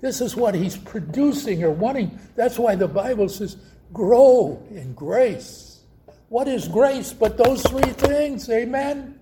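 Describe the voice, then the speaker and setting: Male preacher, high mellow voice, slow storytelling sermon. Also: slight background noise.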